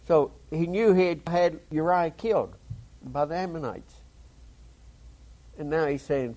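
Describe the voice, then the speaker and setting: A man's voice: on the high side, darkish tone. A man preaching a sermon, reading a psalm aloud and explaining it in plain, folksy words to his listeners. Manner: reads scripture slowly, explains in plain everyday speech.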